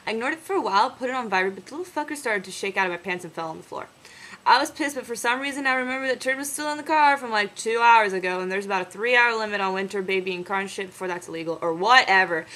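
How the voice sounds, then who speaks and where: A woman's voice: medium pitch, expressive, rapid-fire, sharp tone. A woman reading a parody diary aloud as a crude, brash young man, in a swaggering and profane storytelling manner. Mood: crude boasting.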